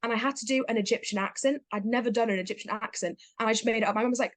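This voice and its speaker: A teenage girl talks in a bright, chatty way, with lots of fillers and little acted-out quotes. Her voice sits a bit high, and the sound is dry and close. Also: rapid-fire, few pauses, no room sound. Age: teens. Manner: chatty, upbeat, many fillers, acts out quotes. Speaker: guest, young actor. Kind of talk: casual interview chat.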